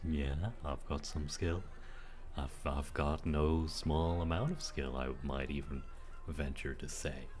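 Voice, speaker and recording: A man with an extremely deep voice narrates a tabletop game. He talks in a relaxed, rambling way and often corrects himself mid-sentence. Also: slow pace.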